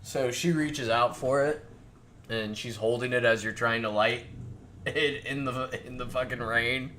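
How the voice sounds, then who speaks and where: A man running a tabletop game as game master, narrating in a relaxed way with many filler sounds. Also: medium pitch, measured pace, slight background noise. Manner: relaxed, lots of filler sounds, laughs often.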